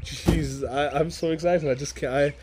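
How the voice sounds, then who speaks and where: A man in his thirties from Africa, gushing excitedly in a casual outdoor unboxing vlog, repeating words and laughing often. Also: on the high side, normal speed, slight background noise. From South Africa. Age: 30s. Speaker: toy reviewer. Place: outdoors in a yard.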